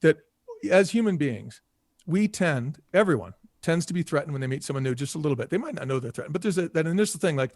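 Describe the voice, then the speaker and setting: A man's voice: on the high side, expressive, fast talker, darkish tone, no room sound, studio quality. A man from the United States, a podcast guest and former restaurant executive, talking casually with many "you know" fillers and acting out quotes. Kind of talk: casual conversational interview.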